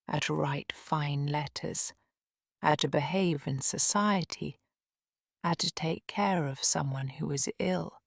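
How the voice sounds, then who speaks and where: A woman narrating a storybook audiobook slowly and softly, often in a near whisper. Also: low voice, gravelly, no echo, studio quality. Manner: slow, soft, often whispered.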